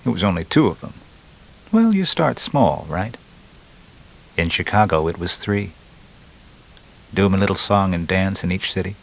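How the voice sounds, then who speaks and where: A man's voice: low-pitched, lively intonation, normal speed, creaky, pauses often, full character voice, rough recording. A man voicing a gleeful, sardonic male serial killer's inner thoughts, full of wisecracks. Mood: mocking. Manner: mocking, wisecracking inner monologue.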